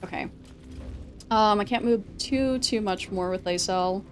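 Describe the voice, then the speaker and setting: A woman streaming a game, talking casually, excitable, swearing freely and laughing often. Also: mid-range voice, measured pace, music in the background. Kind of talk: casual gameplay commentary.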